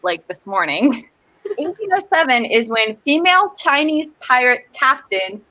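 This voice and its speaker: A woman's voice: sits high, very animated, measured pace, bright, forceful tone, rough recording. A young woman hosting a casual writing livestream over a video call, chatty and giggly. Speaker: host.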